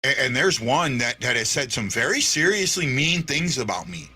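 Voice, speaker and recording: A man hosting a fan show, talking in an earnest, halting way and repeating himself while he fights back tears. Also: medium pitch, animated, sharp tone, husky. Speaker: podcast host. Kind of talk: emotional unscripted monologue.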